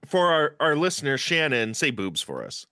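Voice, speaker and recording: A man's voice: a little high, wildly swooping pitch, normal speed, bright, forceful tone, smooth, no room sound, studio quality. Profane, joking male podcast co-host. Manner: profane, joking, laughs often. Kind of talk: crude casual chat.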